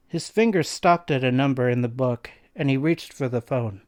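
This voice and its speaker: A man's voice: mid-range voice, moderate pace, hardly any pauses. A man reading a scary young-adult novel aloud as narrator. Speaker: reader. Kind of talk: audiobook narration.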